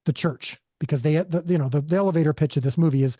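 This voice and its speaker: A man's voice: a little high, fast talker, dark tone, dry recording, clean studio sound. A man guest on a podcast interview, telling a personal story earnestly and with animation, often restarting his sentences. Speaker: filmmaker guest.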